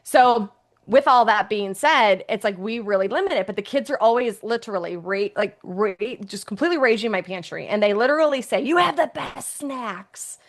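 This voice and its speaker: A woman's voice: mid-range voice, animated, fairly quick. A woman who is a pediatric nurse practitioner, talking as a guest in a casual, chatty way with many filler words. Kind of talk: casual conversation.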